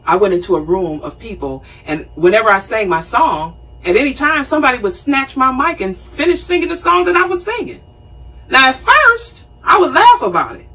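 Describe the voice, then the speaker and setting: Host, woman, 50s: husky, lively storyteller, recorded a little way off the mic. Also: medium pitch, recorded from a distance, poor audio. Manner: animated, conversational, acts out scenes. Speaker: show host. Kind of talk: storytelling talk show monologue.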